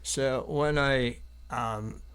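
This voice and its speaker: A man's voice: medium pitch, steady tone, extremely slow, a bit bright, a little hiss or hum. An English man from London, an artist guest in an interview, telling stories in a rambling, hesitant way with many ums and restarts. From London, England. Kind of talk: anecdotal storytelling in an interview.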